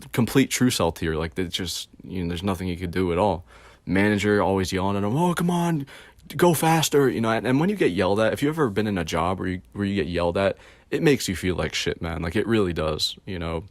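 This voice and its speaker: A young man with a low voice tells a rambling, profane story, stuffing his sentences with filler words. The sound is close and dry, with no room echo. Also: fast. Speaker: host. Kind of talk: casual storytelling.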